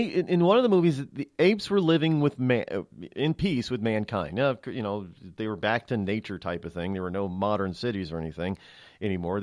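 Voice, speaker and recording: A man's voice: medium pitch, a little mellow, no room sound. A man hosting a talk radio show, delivering a rambling, opinionated monologue into a studio microphone.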